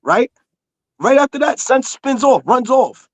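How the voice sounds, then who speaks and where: A high-pitched man argues hard, circling back to restate his point again and again over interruptions. The sound is dry and close, with no room around it. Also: sing-song, a little slow, no echo. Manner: insistent, repeats himself, talks over others. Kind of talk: heated casual argument.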